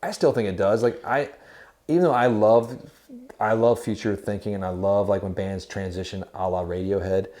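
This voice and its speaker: A man's voice: lowish voice, steady tone, normal speed, warm tone. A man in his forties co-hosting a casual music chat, giggly and rambling, full of fillers and restarts. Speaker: podcast co-host.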